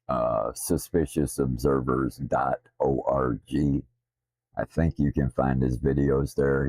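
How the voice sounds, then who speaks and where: A man with a Southern drawl, a streamer talking casually in a blunt, profane, self-deprecating way, his deep voice slightly slurred from missing teeth. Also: warm tone, dry recording. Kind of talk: casual rambling stream talk. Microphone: desktop streaming mic.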